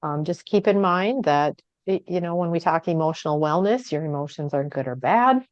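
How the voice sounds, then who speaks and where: A woman presenter on a webinar, speaking in a gentle, reassuring way. Her voice sits a little low and comes through smooth and clear, over slightly dull video-call audio. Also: animated, normal speed, dry recording. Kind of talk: casual closing remarks.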